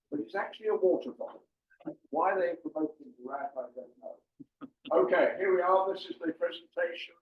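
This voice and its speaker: Older man giving a jokey talk. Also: fairly high pitch. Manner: jokey, chatty, with many ums. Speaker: presenter. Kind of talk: informal slide presentation. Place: meeting room with an audience. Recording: far-off mic, roomy and muffled.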